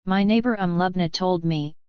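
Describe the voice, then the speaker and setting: A woman giving a slow, grave, measured audiobook reading of first-person testimony. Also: lowish voice, smooth, dry recording, highs cut off.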